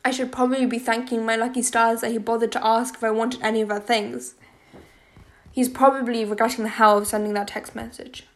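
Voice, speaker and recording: A woman narrates a first-person audiobook with intimate, emotionally charged delivery. Her voice sits fairly high. Its melody stays narrow and contained. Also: flat delivery, fairly quick.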